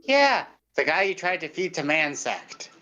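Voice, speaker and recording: An eager player in a tabletop game, quick with questions. The voice sits at a middle pitch and comes through a slightly dull, lo-fi mic. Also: big pitch swings, pushed and bright, a little hiss or hum. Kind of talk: casual tabletop game play.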